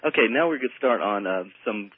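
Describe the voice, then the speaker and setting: A man's voice: mid-range voice, expressive, fast, narrow, tinny audio, slight background noise. A man appearing as a guest on a radio talk show, explaining things in an easygoing way.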